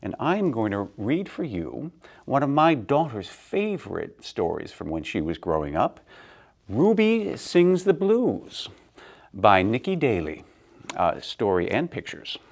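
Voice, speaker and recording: A man reading a children's picture book aloud, swinging between soft and loud in an expressive way. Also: on the low side, measured pace, vocal fry. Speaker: storyteller, theater director.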